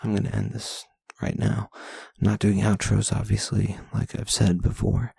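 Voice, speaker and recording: A man's voice: fairly low pitch, monotone, moderate pace, creaky, dark tone, husky, no echo, studio quality. A young man hosting a solo podcast, ranting and rambling casually with self-deprecating asides. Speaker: podcast host.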